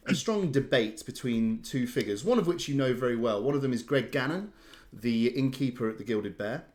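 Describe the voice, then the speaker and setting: A man running a tabletop game, narrating with frequent restarts and pauses. His voice is plain and mid-pitched, moving along at an easy pace. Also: lively intonation, darkish tone. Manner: halting, many restarts. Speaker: game master.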